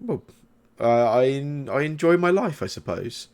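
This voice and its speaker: A man's voice: mid-range voice, very animated, unhurried, a little mellow, clear, resonant tone. A man voicing a middle-aged city woman married to a guard, who stammers politely and speaks with pride about her husband. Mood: flustered.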